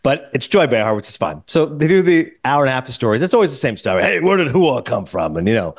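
A middle-aged man hosting a podcast, chatting casually and telling animated stories. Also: medium pitch, no room sound, studio quality. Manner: fast, animated storyteller. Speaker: podcast host. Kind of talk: casual interview chat.

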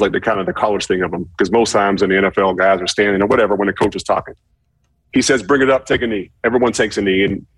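A man casually telling a profane story, acting out shouted quotes with animated energy. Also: on the low side, breathy edge, dry recording. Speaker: former football player telling a story.

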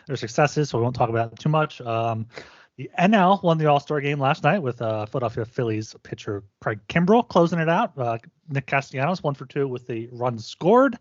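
A man casually recaps sports results on a podcast, his pitch moving a lot as he talks. The sound is dry and somewhat dull. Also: animated, fairly quick, dry recording. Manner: easygoing, informative recaps. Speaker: podcast co-host.

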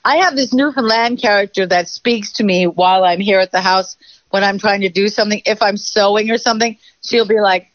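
A woman's voice: medium pitch, fairly quick, no room sound. A woman comedian guest telling rambling stories in casual interview chat. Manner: rambling, animated storyteller. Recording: dull lo-fi recording.

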